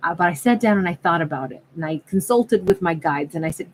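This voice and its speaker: A woman's voice: on the low side, animated, moderate pace, long pauses, slight background noise, rough recording. Chatty woman musing over tarot cards. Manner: chatty and musing, acting out imagined dialogue; frequent self-interruptions and restarts. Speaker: tarot card reader. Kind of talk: casual tarot reading monologue.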